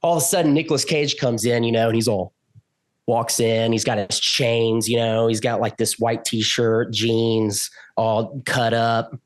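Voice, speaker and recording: Animated storytelling man, podcast guest. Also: measured pace. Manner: animated, acts out quotes with loud jumps in pitch. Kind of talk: casual storytelling.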